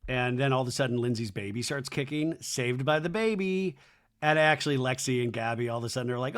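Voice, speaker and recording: A man hosting a podcast, recapping a reality show with sarcastic, crude jokes and high-pitched mocking impressions of the cast. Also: brisk. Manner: animated, jumps into high mocking voices when quoting people. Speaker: podcast host.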